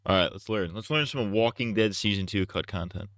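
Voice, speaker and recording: A man's voice: on the low side, fairly quick, fairly bright tone, no echo, clean studio sound. A man streaming live and reacting to videos in casual commentary, thinking aloud with restarts and plenty of profane slang.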